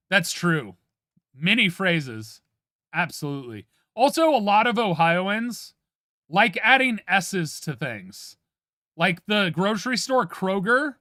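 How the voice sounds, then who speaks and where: A man from Ohio chats with his stream audience in a high, lively voice that swoops up and down. His tone is bright and sharp, and his opinions come out playfully dramatic. The sound is dry and close, with no room echo. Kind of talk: casual chat with stream viewers.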